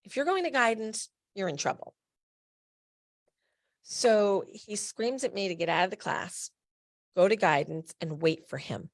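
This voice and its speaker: Gravelly middle-aged woman telling her story. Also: medium pitch, expressive, unhurried, long pauses. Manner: candid and emphatic, with blunt asides. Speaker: patient advocate and founder. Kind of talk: personal storytelling.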